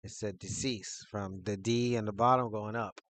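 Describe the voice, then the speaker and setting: A man's voice: lowish voice, normal speed. Man rambling through a personal anecdote. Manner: rambling, filler-heavy, animated retelling. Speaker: channel host telling a personal story. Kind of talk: casual spoken anecdote.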